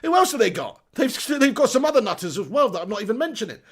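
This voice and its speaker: A man's voice: extremely high pitch, big pitch swings, fast talker, breathy edge. A man hosting a football live stream, reading out chat comments in an upbeat, chatty way and laughing at himself.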